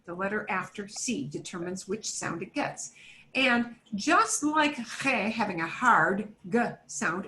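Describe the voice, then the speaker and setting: An American woman leads a beginners' Spanish lesson at an unhurried pace. She says each word slowly and clearly so learners can repeat it, and a faint noise sits under her voice. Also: mid-range voice, expressive, sharp tone. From United States. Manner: slow, patient, repeats words for learners to echo. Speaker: Spanish teacher. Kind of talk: classroom pronunciation lesson.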